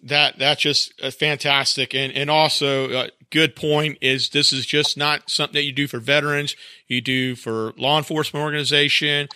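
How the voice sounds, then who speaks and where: Bright-voiced male podcast host. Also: on the high side, little pitch movement, moderate pace, clear, resonant tone, dry recording, studio quality. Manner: encouraging, short acknowledgments. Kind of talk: interview questions.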